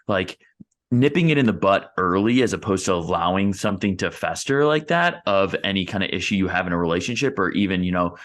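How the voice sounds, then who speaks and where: A man's voice: low voice, fairly bright tone. A man co-hosting a podcast in casual chat, talking at length while searching for his words. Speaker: podcast co-host.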